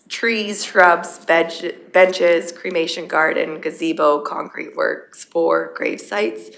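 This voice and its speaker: A woman from county administration presenting a budget at a council meeting, losing her voice and speaking in a halting, matter-of-fact way with fillers. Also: fairly low pitch, steady tone, creaky, fairly bright tone. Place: council chamber.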